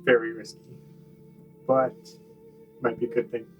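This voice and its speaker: A man's voice: medium pitch, level tone, normal speed, lo-fi sound, faint music behind. A man playing a tabletop game, talking in a matter-of-fact way. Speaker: player. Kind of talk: casual play chat.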